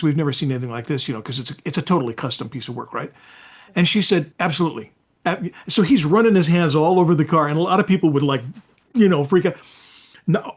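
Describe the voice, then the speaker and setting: A man hosting a hot rod podcast in casual interview chat, telling stories and nodding along with short affirmations. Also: a little high. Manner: chatty, warm affirmations, storytelling asides. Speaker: podcast host.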